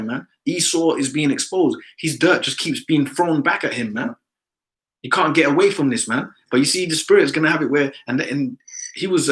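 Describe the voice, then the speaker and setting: A man's voice: on the high side, a bit bright, rough recording. A man in casual discussion, talking emphatically and ending many phrases with "man".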